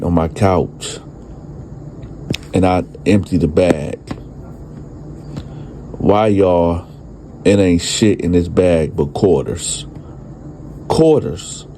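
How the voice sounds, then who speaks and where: A man's voice: sits low, warm tone, slight background noise. A man telling a true crime story from his own life in a casual, profane style, talking to his listeners as y'all. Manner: profane street slang, addresses listeners as y'all. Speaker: storyteller and channel host.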